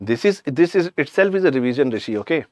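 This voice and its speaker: A man's voice: fairly high pitch, expressive, fast, no echo, highs cut off. A man with an Indian English accent teaching a live online grammar class, chatty, addressing students directly and slipping in jokes.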